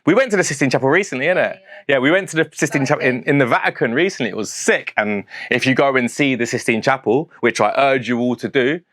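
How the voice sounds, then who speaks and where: A man's voice: medium pitch, quick pace, few pauses, a bit bright. A man from St Albans with a southern English accent, casually breaking down his own rap lyrics, chatty and full of slang, laughing at his own jokes. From St Albans, England. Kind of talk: casual explanation.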